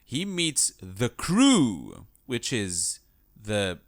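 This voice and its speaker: A man's voice: on the low side, very slow, no room sound, studio quality. A man co-hosting a podcast in casual chat, joking and laughing often. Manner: animated, laughing, jokey. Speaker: podcast co-host.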